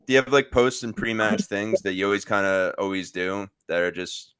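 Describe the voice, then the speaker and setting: Podcast host, deep voice with a crisp bright edge, easygoing and hesitant, dry close sound. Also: male voice, fairly even intonation, normal speed, no echo. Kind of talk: casual interview.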